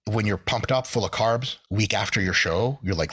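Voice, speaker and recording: A man's voice: fairly low pitch, fairly quick, a bit bright, slightly rough. A man in casual podcast chat, ranting animatedly with plenty of swearing. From United States. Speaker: podcast guest.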